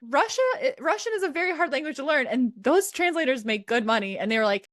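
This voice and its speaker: A woman in her thirties hosts a podcast over a video call, telling stories in casual chat with giggles and lively quoting. She talks fast with hardly any pauses in a high voice, and the studio-quality audio has no room sound.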